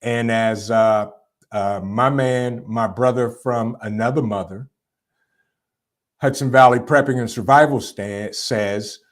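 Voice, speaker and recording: A man's voice: mid-range voice, fairly even intonation, slow. A man hosting a casual live stream, chatting loosely and answering viewer comments with frequent fillers. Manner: rambling, conversational, frequent fillers and repeats. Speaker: livestream host.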